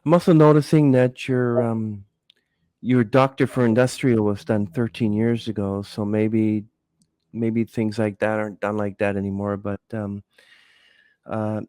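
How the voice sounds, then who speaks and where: A man's voice: lowish voice, level tone, measured pace, mellow, smooth, no echo. Jokey man hosting a podcast. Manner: rambling, jokey questions. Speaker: podcast host. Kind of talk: interview chat.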